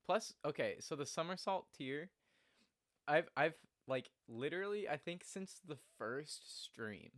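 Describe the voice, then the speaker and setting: A man's voice: fairly high pitch, expressive, a little slow, a bit bright, no echo, studio quality. A man who is sick with a cough, chatting casually and laughing often with viewers on a live stream from a small storage room.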